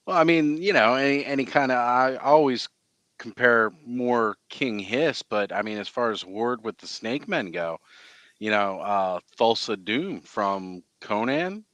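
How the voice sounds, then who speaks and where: A man's voice: medium pitch, animated, a little slow, a bit bright, no echo. A man co-hosting a casual podcast chat, talking in a loose, rambling way with many fillers. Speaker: podcast co-host.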